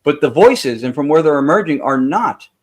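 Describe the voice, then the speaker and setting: A man's voice: a little high, expressive, normal speed. A man speaking as a podcast guest, explaining technical ideas at length in casual chat, with frequent fillers and restarts.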